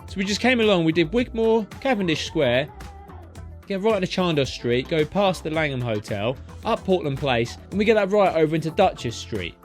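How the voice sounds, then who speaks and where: A man's voice: fairly high pitch, expressive, normal speed, faint music behind. A man, a taxi driver chatting his way through his routes street by street in a driving vlog. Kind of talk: narrated driving vlog commentary.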